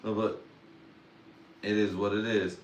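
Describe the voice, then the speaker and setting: A man's voice: on the low side, flat delivery, takes it slowly, distant mic, dull audio, slight background noise. A man workshopping jokes on a livestream in a rambling, profane, self-doubting way. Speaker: livestream comedian. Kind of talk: casual livestream joke workshopping. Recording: roomy, away from the mic.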